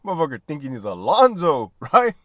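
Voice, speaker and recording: A former prison guard spins his stories in a loose, profane way, breaking into laughter and checking in with "right?". His voice sits a bit high for a man and swings widely in pitch. The sound is dry and close. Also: fairly quick, no echo. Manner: profane, laughs often mid-sentence; animated, asks "right?" constantly. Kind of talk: casual storytelling.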